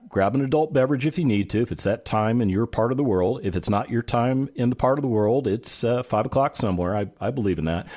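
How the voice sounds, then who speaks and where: Middle-aged man, talk radio host, animated, playful, emphatic. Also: on the low side.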